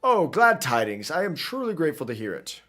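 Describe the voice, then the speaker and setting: A man's voice: a little high, very animated, a little fast, sharp tone, soft background music, full character voice. A man voicing a courtly young male game character with formal, archaic, flowery speech.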